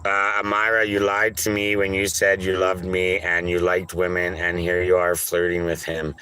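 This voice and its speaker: A man streaming and reading chat in a casual way, teasing viewers, crude and offhand, repeating names in drawn-out pleading calls. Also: low voice, monotone, pushed and bright, smooth.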